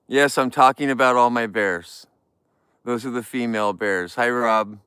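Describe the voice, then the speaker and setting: A man's voice: medium pitch, unhurried, sharp tone, smooth, no room sound. A man from California hosting a casual livestream, chatting and joking with viewers while trimming flowers. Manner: chatty, jokey, greets viewers. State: tired. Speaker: livestream host.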